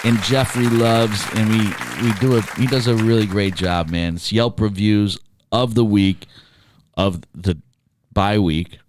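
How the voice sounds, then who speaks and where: A man co-hosting a podcast in casual chat, animated and joking, swearing casually as he talks. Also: lowish voice, unhurried, some chatter behind. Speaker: podcast co-host, DJ.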